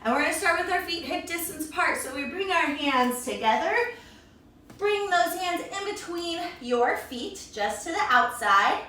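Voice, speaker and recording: A woman's voice: very high-pitched, lively intonation, normal speed, sharp tone, slight background noise. A woman guiding a children's yoga class with a storybook, in a playful, encouraging, sing-song way. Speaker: kids yoga teacher. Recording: echoey room, voice from a distance.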